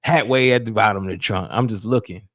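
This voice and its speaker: A man, casually telling a personal story on a podcast in a lively, colloquial way. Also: on the low side, fast, dry recording, clean studio sound. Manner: animated, colloquial, acts out voices in quotes. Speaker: podcast host.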